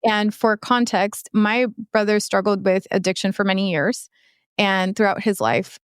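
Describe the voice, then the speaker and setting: Smooth-voiced woman telling a personal story. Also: medium pitch, steady tone, no room sound, studio quality. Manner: halting, searching for words. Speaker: podcast guest. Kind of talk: emotional interview storytelling.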